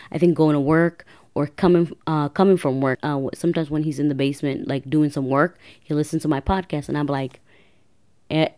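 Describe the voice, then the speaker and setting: Low-voiced woman telling her story. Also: a little mellow. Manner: rambling, self-correcting, chatty. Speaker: podcast host. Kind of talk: casual personal storytelling.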